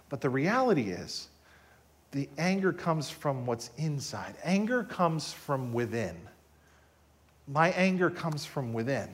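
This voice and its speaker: A male pastor delivers a sermon in a slightly high, very lively voice. He swings between hushed, intimate asides and loud, emphatic rises. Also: breathy edge. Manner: animated preaching with sudden soft drops and loud rises.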